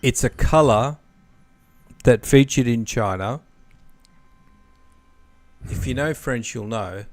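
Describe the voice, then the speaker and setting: A man's voice: mid-range voice, takes it slowly, long pauses, dry recording. A man hosting a casual podcast quiz game, reading clues and joking as he hints at the answers. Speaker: quiz host.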